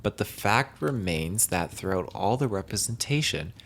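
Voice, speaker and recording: A man's voice: lowish voice, lively intonation, normal speed, a bit bright, a little hiss or hum. A man hosting a solo podcast, talking casually in a rambling way with frequent restarts. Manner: rambling, with restarts and hedging words. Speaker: podcast host.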